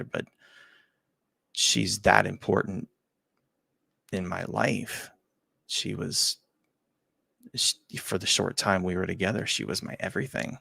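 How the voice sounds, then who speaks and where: A man hosting a talk show, telling a personal story in a halting, emotional way, often dropping to a quiet near-whisper and repeating his words. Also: deep voice, level tone, vocal fry, slightly rough, dry recording. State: choked up. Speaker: show host.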